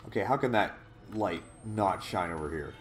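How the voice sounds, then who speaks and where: A man's voice: low-pitched, expressive, moderate pace, slight background noise. A man giving let's play commentary on a horror game, jumpy and jokey, swearing when startled. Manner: jokey, talks to the viewer. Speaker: gaming video host.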